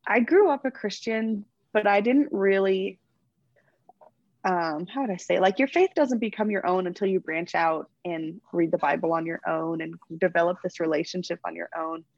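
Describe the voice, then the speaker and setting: A young woman athlete being interviewed, chatting warmly and gushing, getting emotional as she talks about her faith. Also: fairly low pitch, normal speed, no echo, highs cut off. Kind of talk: casual interview.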